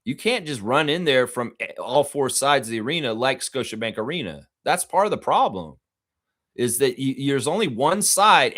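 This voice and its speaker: A man's voice: mid-range voice, a bit bright. A man with a profane, heated manner, hosting a live reaction stream and reading out viewer comments. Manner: reads viewer comments aloud.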